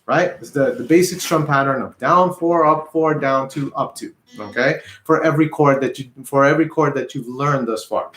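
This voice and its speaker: A man's voice: mid-range voice, a little hiss or hum. Male guitar teacher, mid-range voice, patient and repetitive, in an echoey room. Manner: patient, repeats himself, counts beats aloud. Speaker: music teacher. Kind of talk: online guitar lesson. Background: guitar playing.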